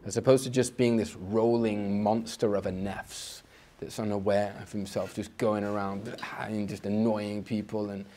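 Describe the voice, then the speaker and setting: A man with a fairly low voice teaching in a relaxed, conversational way. He often stumbles over and repeats the first word of a phrase, and now and then jumps up in pitch to act out an inner voice. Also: moderate pace, few pauses, slight background noise. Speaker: Islamic teacher. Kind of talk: informal spiritual lecture.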